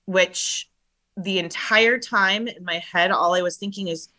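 Shaken low-voiced woman telling her story. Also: pushed and bright. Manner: halting, with many restarts and fillers. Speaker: guest. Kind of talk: emotional personal storytelling.

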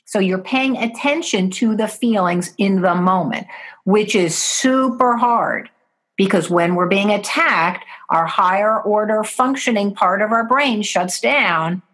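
A woman's voice: mid-range voice, measured pace, a bit bright. A woman guest in an interview, earnestly explaining parenting steps and acting out what parents and children say.

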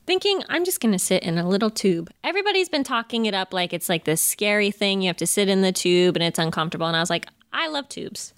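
A woman co-hosting a podcast, telling stories in a casual, animated way, swearing freely and laughing often. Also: medium pitch, fast, few pauses, clean tone, dry recording, clean studio sound. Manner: animated, profane storytelling with frequent laughter. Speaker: podcast co-host. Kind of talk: casual chat.

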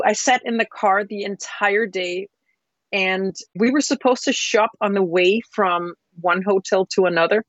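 Animated woman chef telling stories. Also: mid-range voice, no echo. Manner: animated, rambling storyteller with many fillers. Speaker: professional chef, guest. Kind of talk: casual interview storytelling. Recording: slightly dull lo-fi sound.

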